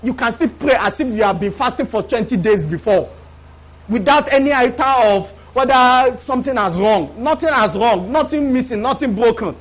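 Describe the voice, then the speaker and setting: Preacher, male, very high voice, call-and-response delivery to a church congregation, emphatic repeats. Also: expressive, normal speed. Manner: preaches with call-and-response, often asking the congregation if they follow. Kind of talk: live sermon.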